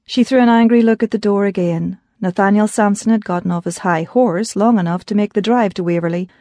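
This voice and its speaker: A woman narrating an audiobook in a measured storytelling manner. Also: mid-range voice, warm tone, no echo. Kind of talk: scripted narration.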